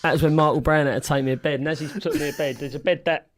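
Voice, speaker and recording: A man swaps rowdy stories on a studio podcast. He swears freely and laughs through his own tales. His voice sits a touch higher than most men's. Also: steady tone, very fast, a little hiss or hum. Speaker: co-host and former footballer. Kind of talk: casual podcast banter.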